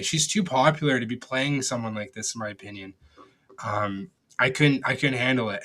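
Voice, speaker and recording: A man's voice: medium pitch, bright, forceful tone. A young man giving a casual, rambling film review, blunt and profane, with lots of fillers and restarts. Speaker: movie reviewer.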